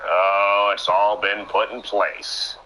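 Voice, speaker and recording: A young man doing excitable play-by-play commentary on a wrestling match, often breaking into sudden exclamations. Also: fairly low pitch, slow, rough recording.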